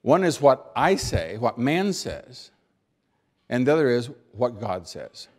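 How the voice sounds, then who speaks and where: An older American man delivers a keynote speech in a folksy, storytelling way, acting out small everyday scenes. He leans on pauses for emphasis and often repeats or restarts words as he builds his point. His voice sits at an ordinary middle pitch. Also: sing-song. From United States. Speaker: keynote speaker.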